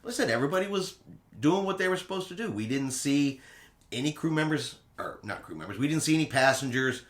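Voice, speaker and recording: A man's voice: on the high side, quick pace. A man hosting a casual travel recap. His voice swings widely up and down as he tells stories, and he acts out quotes with drama. The sound carries a noticeable room echo. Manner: animated storyteller who acts out quotes dramatically. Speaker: travel vlog host.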